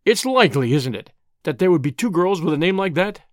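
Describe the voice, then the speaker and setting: A man's voice: high voice, sing-song, a little fast, dry recording. A cheeky young woman speaks in a sweet, coy tone with a lilting lift. A man puts her on while reading a storybook aloud. The recording is dry and close.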